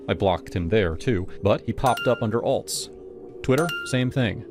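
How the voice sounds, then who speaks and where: A man giving a brisk, wry scripted first-person narration of a horror story. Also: fairly low pitch. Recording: over loud background music.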